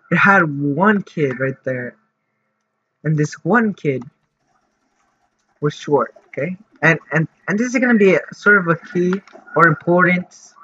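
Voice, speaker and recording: A man's voice: on the high side, bright, forceful tone. A man telling a story for his vlog in a casual, rambling way, full of fillers and restarts. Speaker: vlogger. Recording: dull lo-fi audio with faint noise.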